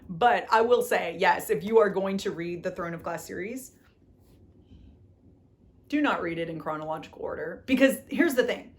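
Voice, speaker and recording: A young woman chatting casually about books she has read, gushing and exasperated by turns, repeating herself and saying "like" a lot. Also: medium pitch. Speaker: book vlogger. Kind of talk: casual book review chat.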